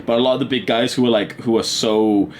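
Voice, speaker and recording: A man's voice: medium pitch, fairly even intonation, fast, a little hiss or hum. A man in his twenties chatting casually as a channel host, blunt and crude and often laughing. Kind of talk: casual chat.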